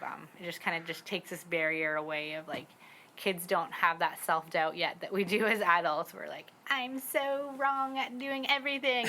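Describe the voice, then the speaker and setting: A young woman from the Squamish Nation, a parent learning her language, chatting casually with lots of fillers and quick laughs as she acts out little quotes. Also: on the low side, sharp tone, low-quality recording. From Squamish Nation, British Columbia, Canada. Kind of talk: casual conversation. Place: outdoor community garden.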